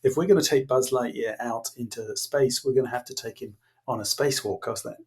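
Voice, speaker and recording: A man, a podcast guest, telling an animated story and acting out the dialogue, laughing as he goes. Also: medium pitch, brisk, vocal fry, husky. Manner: acts out quoted dialogue, laughs while telling. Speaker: guest, former innovation executive.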